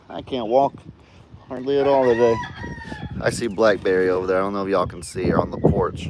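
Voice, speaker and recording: A man's voice: lowish voice, lively intonation, brisk, background noise. A man chatting casually on his farm in a vlog, cooing at his animals and telling viewers about his day. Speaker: farm vlogger. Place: outdoors on a farm.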